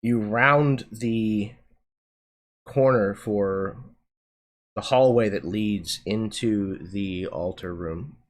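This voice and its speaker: A man narrates a tabletop game as its game master. His voice is fairly low and he takes his time, laying out each scene slowly and deliberately.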